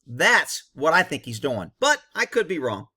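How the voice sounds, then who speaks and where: Ex-cop man commenting on footage, higher-pitched and bright, blunt and opinionated. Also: very animated, measured pace, breathy edge. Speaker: former police officer commentator. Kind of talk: commentary over bodycam footage.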